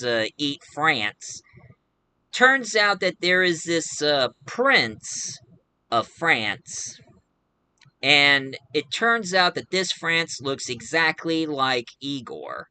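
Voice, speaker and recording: A man's voice: on the high side, sing-song, takes it slowly, sharp tone, smooth. A man giving a casual spoken movie review, rambling along with frequent filler sounds.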